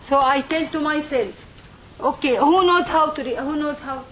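High-voiced teacher. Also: female voice, normal speed, a bit bright, slight background noise. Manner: repetitive, checks understanding with frequent "okay?". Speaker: Arabic and Quran teacher. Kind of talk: classroom lesson.

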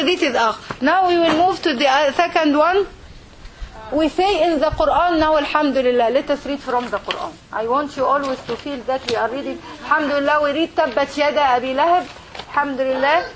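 A woman with a high voice teaches Arabic and Quran in a classroom lesson. Her style is repetitive, and she checks in often with "okay?"

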